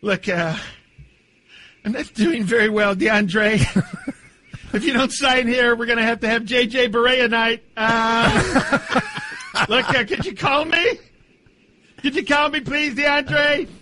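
A man acting out a nervous, rambling billionaire team owner in a comedy sketch. His voice sits very high and sounds bright and pushy, and he keeps pleading and laughing nervously. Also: fairly even intonation, slow pace, pauses often, heavily acted. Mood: desperate.

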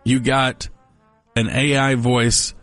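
A man's voice: mid-range voice, little pitch movement, slow, a bit bright, no room sound. Male co-host, mid-range voice, loose, joking delivery over light music. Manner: rambling, wry, jokey. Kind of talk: casual news chat.

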